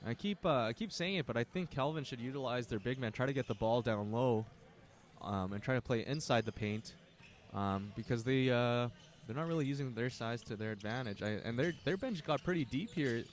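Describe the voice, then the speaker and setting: A young Canadian commentator talks a little fast in a mid-range voice, covering a livestreamed basketball game from a tournament gym. His play-by-play is casual, and he jokes with viewers between plays.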